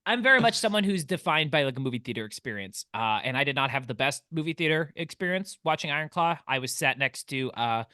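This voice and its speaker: A man co-hosting a film podcast, telling stories in an animated way and swearing freely. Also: on the high side, quick pace, hardly any pauses, no room sound, clean studio sound. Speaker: podcast co-host. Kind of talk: casual film podcast chat.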